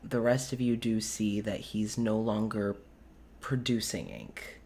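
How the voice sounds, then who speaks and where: A man narrating a tabletop game as game master, quick and descriptive, stopping to correct names. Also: fairly low pitch, gravelly, darkish tone, a little hiss or hum.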